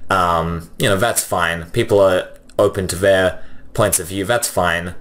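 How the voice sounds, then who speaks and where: A man's voice: sits low, slow pace, a bit bright. A man giving casual opinion commentary, rambling and leaning on fillers like "you know" and "like".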